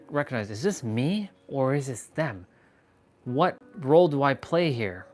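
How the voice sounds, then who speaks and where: A man's voice: medium pitch, fairly bright tone. A man hosting a casual motivational live stream while walking, blunt and emphatic, swearing freely. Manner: talks while walking on a step count.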